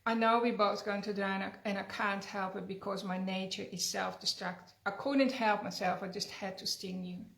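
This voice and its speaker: A woman voicing a sly male scorpion in a fable, pleading and smooth-talking in a slightly raised voice. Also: medium pitch, steady tone, normal speed, few pauses, fairly bright tone. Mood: resigned. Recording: roomy echo.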